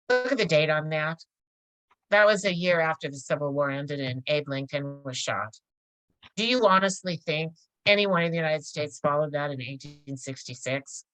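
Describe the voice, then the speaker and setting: Chatty, bright-voiced woman instructor, laughing often. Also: low-pitched, no echo, low-quality recording. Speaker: real estate course instructor. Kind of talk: casual classroom lecture.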